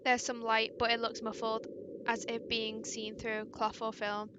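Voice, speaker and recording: A woman reading a visual-novel fangame aloud, stumbling over lines and breaking off into awkward asides, with steady background noise. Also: on the high side, a little slow, dull audio. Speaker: game player.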